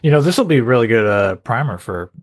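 A man's voice: mid-range voice, animated, fast talker. A man co-hosting a comedy podcast, playful and joking through an improvised bit. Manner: playful, joking, breaks into laughter. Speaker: podcast co-host.

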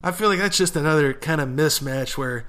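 A man's voice: a little high, brisk, fairly bright tone. A young man co-hosting a casual advice podcast, blunt and joking with plenty of swearing. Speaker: podcast co-host. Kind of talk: casual advice chat, reading listener letters.

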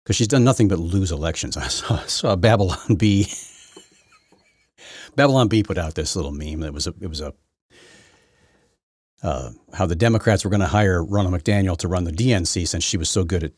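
Deep husky man, rambling commentary. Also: normal speed, long pauses, a little mellow, dry recording, studio quality. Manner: rambling, opinionated, many restarts and stammers. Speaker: podcast host. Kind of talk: political commentary monologue.

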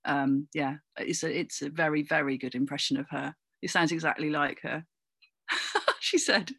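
A middle-aged woman from England, chatting as a guest in an interview, animated and full of asides and fillers. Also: low-pitched, normal speed, creaky, husky, dry recording. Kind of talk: casual interview chat.

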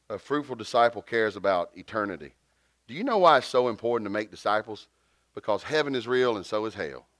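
A man, preaching a sermon and telling a story with lively jumps in pitch. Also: no room sound. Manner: animated, jumps to high pitch for quotes. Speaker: pastor.

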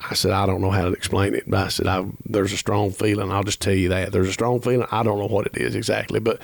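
A man's voice: on the low side, little pitch movement, fast, gravelly, no room sound. A man, telling a long personal story as a podcast guest, earnest and rambling, acting out the dialogue as he goes. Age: 50s. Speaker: musician guest.

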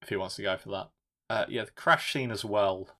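A man's voice: on the low side, brisk, vocal fry, bright, forceful tone. Sweary rambling man on a film podcast. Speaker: podcast co-host. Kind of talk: casual film review chat.

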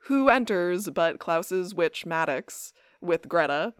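Lively woman recapping a show. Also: fairly low pitch, slow pace, clean tone, dry recording, clean studio sound. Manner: lively storyteller who acts out the characters' lines. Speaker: podcast co-host. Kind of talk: casual recap chat.

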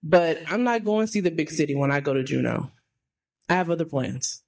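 A woman raised in Texas, co-hosting a podcast and chatting in an enthusiastic, excitable way. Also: low-pitched, a little fast, vocal fry. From Texas, United States. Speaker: podcast co-host. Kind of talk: casual chat.

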